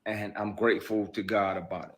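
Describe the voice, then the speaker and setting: A man telling a personal story, emphatic, swinging between quiet intensity and loud outbursts. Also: lowish voice, flat delivery, normal speed. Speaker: actor telling his story. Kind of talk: heated personal account, clip.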